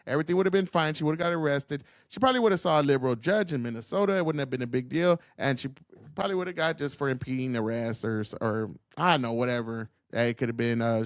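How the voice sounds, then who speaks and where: A man's voice: on the high side, no echo, clean studio sound. A man giving heated solo commentary to camera, swearing often and rambling with frequent restarts. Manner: profane, agitated, rambling with restarts.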